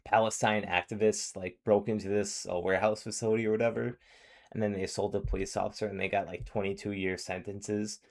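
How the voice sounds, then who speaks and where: A man with a fairly low voice reacts to a clip in loose, casual commentary. He rambles, trailing off and restarting his sentences with plenty of fillers. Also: level tone, a little fast, gravelly, a little mellow.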